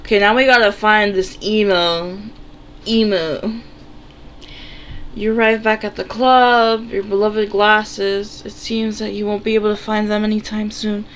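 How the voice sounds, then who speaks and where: A woman's voice: medium pitch, little pitch movement, a little slow, a bit bright, a little hiss or hum. Giggly woman reading a game aloud. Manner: giggly, casual. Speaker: gamer.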